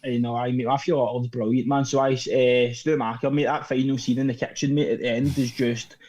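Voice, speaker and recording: A man's voice: mid-range voice, flat delivery, a little fast, darkish tone, dull audio. A Scottish man chatting as a podcast guest, rambling and calling everyone "mate". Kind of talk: casual chat.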